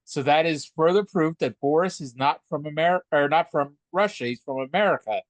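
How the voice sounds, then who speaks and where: A man's voice: fairly high pitch, moderate pace, dry recording. A man co-hosting a podcast, joking and rambling in casual chat. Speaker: podcast co-host.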